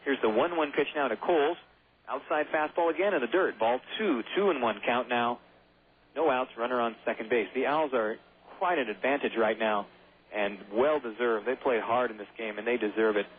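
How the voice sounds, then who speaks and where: A hoarse man calling baseball play-by-play on the radio, chatty and rambling, with self-deprecating asides. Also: medium pitch, moderate pace, a little hiss or hum. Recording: tinny phone-like radio broadcast.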